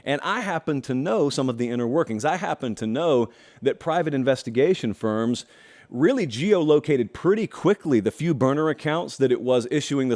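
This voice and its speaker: A man's voice: medium pitch, a little mellow. A middle-aged man from the American South hosting a show, giving opinionated commentary in a folksy way, stretching words for emphasis and adding wry asides. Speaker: host.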